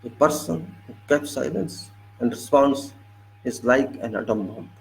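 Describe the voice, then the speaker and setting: A man's voice: medium pitch, a little slow, gravelly, slight background noise, rough recording. A man giving an impassioned political monologue, indignant and lecturing, repeating his points over and over. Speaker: political commentator.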